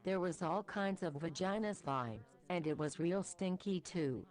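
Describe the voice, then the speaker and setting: A woman's voice: fairly low pitch, measured pace, darkish tone. A woman reading a crude comic story aloud in a matter-of-fact way. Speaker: story reader.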